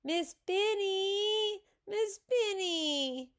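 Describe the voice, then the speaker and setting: A woman's voice: very high voice, drawn-out words, a bit bright, pitched above the performer's own voice, exaggerated voice. A woman doing a prim, whiny little girl. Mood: whining. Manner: whiny, pleading.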